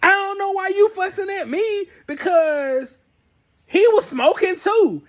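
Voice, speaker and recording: A man's voice: very high-pitched, unhurried, pitched above the performer's own voice. A man voicing his young college friend who is defensive and complaining.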